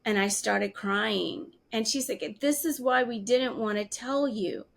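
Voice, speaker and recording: A woman's voice: fairly high pitch, measured pace, gravelly. A woman in her fifties, an interview guest telling a personal story and acting out the voices of the people she quotes. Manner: animated, acts out quoted voices.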